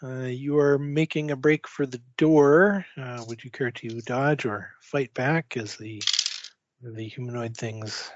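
A man narrating a tabletop game as game master, speaking haltingly with many filler pauses. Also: medium pitch, fairly even intonation. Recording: dull lo-fi dry recording.

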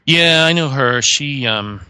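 A man voicing a tentative, nervous teenage boy student in a tabletop game, talking haltingly. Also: mid-range voice, lively intonation, bright, forceful tone, clean tone, no room sound, pitched above the performer's own voice, full character voice. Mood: uneasy. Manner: hesitant, halting.

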